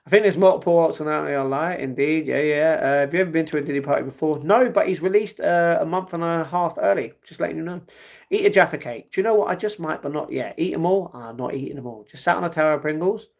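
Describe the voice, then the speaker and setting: Young man, livestream host, scattered chatty replies, slightly high voice. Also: fast, gravelly. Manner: chatty, scattered, answering viewers' comments. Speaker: livestream host reading chat. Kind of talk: casual livestream chat.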